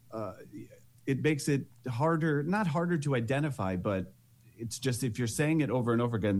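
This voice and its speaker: A man speaks casually as a panelist in a discussion. His voice sits fairly low, and he fills his talk with "like" and "you know" and often restarts his sentences. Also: darkish tone. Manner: casual, many likes and you knows, restarts.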